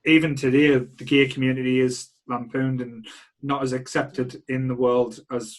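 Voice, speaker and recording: A man co-hosting a casual film podcast. He talks at a measured, thoughtful pace, often restarting his sentences and falling back on stock phrases. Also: mid-range voice, flat delivery. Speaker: podcast co-host.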